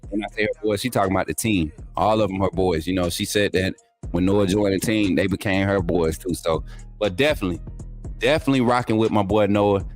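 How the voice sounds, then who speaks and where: A man's voice: sits low, fairly quick, soft background music. A man hosting a live call-in show, talking in a casual, hyped way and repeating himself with slang. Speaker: host. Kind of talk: casual live-stream talk.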